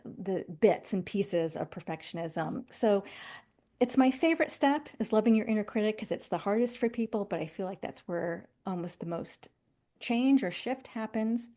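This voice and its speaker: A middle-aged woman, a psychologist guest on a podcast, telling stories with lively, acted-out quotes. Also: mid-range voice. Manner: animated storytelling, acting out quoted voices. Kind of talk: podcast interview.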